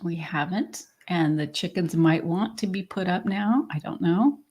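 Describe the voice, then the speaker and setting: A woman's voice: on the low side, unhurried, a little mellow, husky. A woman co-hosting a podcast, chiming in with wry, brief remarks in casual chat. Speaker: podcast co-host.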